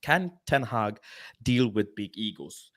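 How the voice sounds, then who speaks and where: A man hosting a live football fan talk show, chatty and quick to laugh. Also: lowish voice. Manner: chatty, laughing, animated questions. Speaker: host.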